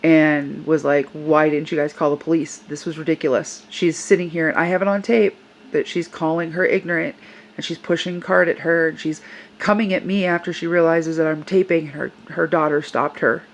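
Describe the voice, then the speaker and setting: A woman's voice: low-pitched, steady tone, normal speed, low-quality recording. Older woman earnestly retelling an upsetting event. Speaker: service dog handler. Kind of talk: personal storytime vlog.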